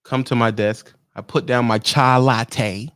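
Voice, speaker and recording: Guy putting on a smug lazy dispatcher dude, lower voice than his own, condescending. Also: steady tone, a little slow, fairly bright tone, clean tone, close to an everyday voice. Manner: condescending, self-satisfied. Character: smug, lazy male office truck dispatcher.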